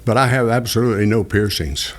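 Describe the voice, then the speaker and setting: Give me an older man with a drawl telling rambling stories, voice pitched on the low side. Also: quick pace. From southeast Texas. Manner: folksy, rambling anecdotes with restarts and chuckles. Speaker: radio host telling stories. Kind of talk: casual storytelling chat.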